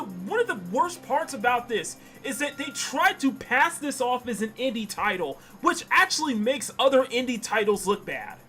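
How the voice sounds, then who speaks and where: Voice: medium pitch, a bit bright. A streamer in their thirties ranting heatedly about a game during a stream. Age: 30s. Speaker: gaming streamer.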